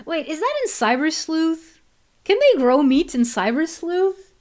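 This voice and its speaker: A woman's voice: extremely high pitch, sing-song, unhurried, darkish tone. A woman chatting casually on a stream, rambling with many restarts and easy laughs. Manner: rambling, restarts often, laughs easily, switches to Portuguese. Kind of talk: casual chat while worldbuilding.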